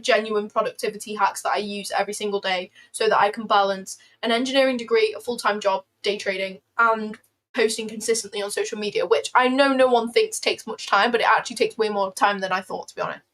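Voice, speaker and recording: A woman's voice: medium pitch, fairly even intonation, a little fast, a bit bright. A young British woman chatting casually while trading on a livestream, talkative and self-deprecating, often repeating herself. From Britain. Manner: chatty, self-deprecating, repeats phrases, breaks into playful singing. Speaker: livestreaming day trader. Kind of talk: casual live-stream chat.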